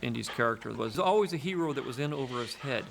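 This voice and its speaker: Fast talking gravelly guy breaking down a hero character, matter of fact. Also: medium pitch, animated, slight background noise. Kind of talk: interview.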